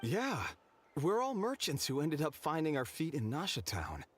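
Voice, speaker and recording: An actor playing a wry merchant in a game with a dry manner. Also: male voice, fairly high pitch, huge pitch swings, moderate pace. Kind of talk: game voice acting.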